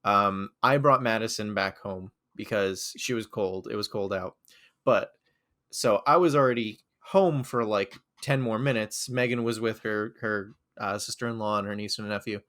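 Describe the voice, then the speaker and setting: A man's voice: on the low side, normal speed, a bit bright. A young man co-hosting a podcast, telling a rambling story and laughing often. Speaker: podcast co-host. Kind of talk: casual chat.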